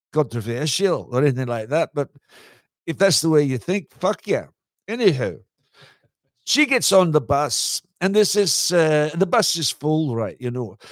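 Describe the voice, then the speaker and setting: A man tells a pub yarn as a podcast host. He rambles through fillers and swears freely. His voice sits fairly high and sounds dry and close. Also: dry recording. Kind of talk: casual pub storytelling.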